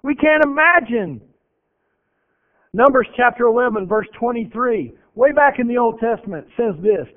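High-voiced preacher on tinny radio. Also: male voice, expressive, normal speed. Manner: earnest, emphatic, repeats phrases. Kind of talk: sermon. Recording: tinny phone-like radio broadcast.

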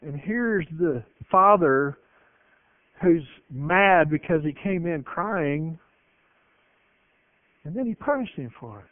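A man's voice: on the high side, slow pace, pauses often. A man preaching a sermon, emphatic and telling stories with energy. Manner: emphatic, with animated storytelling. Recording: narrow phone-like broadcast sound, dry.

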